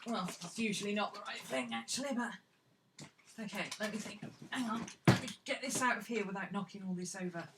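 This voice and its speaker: A woman's voice: mid-range voice, fairly quick, very noisy. A woman chatting casually and playfully, thinking aloud as she works on a craft project. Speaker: craft vlogger.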